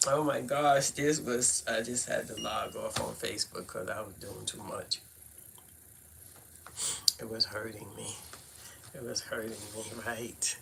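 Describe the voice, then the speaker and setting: A woman's voice: a bass voice, steady tone, a little slow, vocal fry, long pauses, noisy background. A middle-aged woman from Brooklyn with a Brooklyn accent, chatting casually with viewers on a livestream, laughing often and making playful asides. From Brooklyn, New York. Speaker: livestream host teaching cardology.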